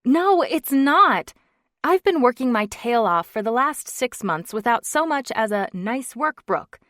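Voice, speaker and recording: Woman reader doing a high, loud, indignant young pregnant woman in an audiobook, dry close read. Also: animated, no echo. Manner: exasperated, rapid outbursts. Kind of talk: audiobook character reading.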